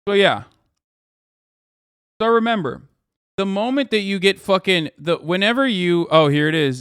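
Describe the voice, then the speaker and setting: Male streamer host, slightly high and smooth-voiced, heated and profane in his reaction commentary. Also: lively intonation, normal speed, pauses often, a bit bright, dry recording, clean studio sound. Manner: heated, profane ranting, reading items aloud.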